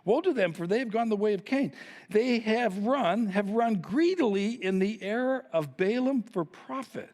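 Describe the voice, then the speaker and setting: A man's voice: sits high, expressive, normal speed, a little mellow, long reverb tail. A male pastor preaching a sermon, teasing his congregation with playful rhetorical questions.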